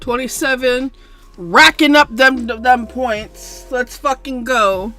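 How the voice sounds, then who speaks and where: A young woman streaming a strategy game, cursing a lot and going from loud frustrated outbursts to quiet rambling explanations. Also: high-pitched, slow pace. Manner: swears often, swings from shouting rage to mumbled explaining. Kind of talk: casual gameplay commentary. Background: faint background music.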